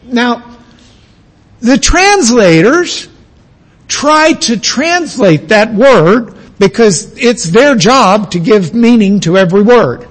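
Male pastor, sermon, high lively voice, slow delivery, sudden shouted bursts. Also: low-quality recording. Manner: animated teaching, bursts into loud shouted emphasis.

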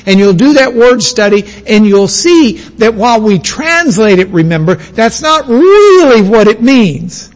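A man's voice: very high voice, expressive, measured pace, hardly any pauses, big-room sound. A man from the United States giving a classroom lecture on biblical languages, emphatic and repeating key words for stress.

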